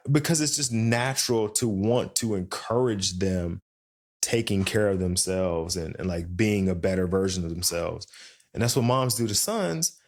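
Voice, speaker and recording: A middle-aged man and podcast co-host, talking things over in a reflective, casual way. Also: normal speed. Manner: reflective, acts out quotes in a higher voice. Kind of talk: casual conversation.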